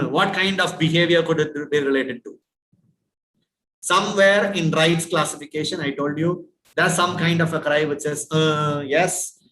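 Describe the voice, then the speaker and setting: A man's voice: fairly high pitch, fairly bright tone, roomy sound, a little hiss or hum, rough recording. A man with an Indian accent giving a dental lecture, often asking the students questions and repeating his points. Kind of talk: classroom lecture.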